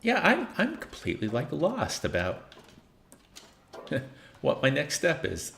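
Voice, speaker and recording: A man's voice: on the high side, wildly swooping pitch, unhurried, creaky, a bit bright, a little hiss or hum. A man streaming himself playing a video game and chatting casually, rambling and self-deprecating, often laughing at himself.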